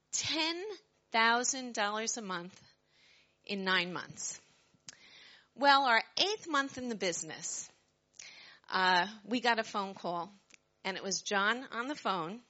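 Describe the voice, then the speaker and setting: A middle-aged woman with a medium-pitched voice, heard in lo-fi sound, tells her story to an audience. She's an animated storyteller, loudly performing the voices of the people involved.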